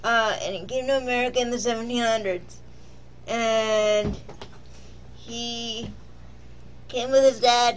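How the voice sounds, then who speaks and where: Unhurried, slightly high-voiced joking woman. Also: slight background noise. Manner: rambling, joking, self-deprecating. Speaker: vlogger reviewing a film. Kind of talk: casual spoken film recap.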